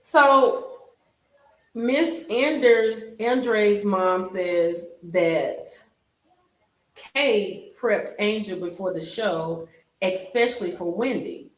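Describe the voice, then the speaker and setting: A woman's voice: fairly low pitch, roomy sound, low-quality recording. A woman hosting a casual live stream, chatting animatedly. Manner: chatty, animated, talks to viewers directly. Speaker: livestream host.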